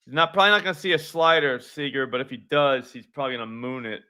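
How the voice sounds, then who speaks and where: Bright-voiced casual male betting host. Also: mid-range voice, lively intonation, fast talker, clear, resonant tone. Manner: loose, profane, talks to chat viewers. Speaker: sports betting show host. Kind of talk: casual live-stream chat.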